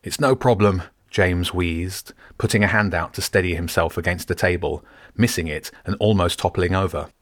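A man reading a story aloud in steady, measured scripted narration. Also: deep voice, no echo, studio quality. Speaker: audiobook narrator.

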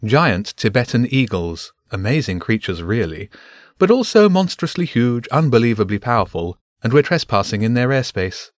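A man voicing a calm, precise falcon in an audiobook, speaking matter-of-factly. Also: mid-range voice, moderate pace, no echo, natural voice. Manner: matter-of-fact, dry.

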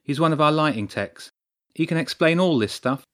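A man voicing a brisk adult woman who guides visitors around a theatre. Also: on the high side, lively intonation, fairly bright tone, dry recording, studio quality, pitched above the performer's own voice.

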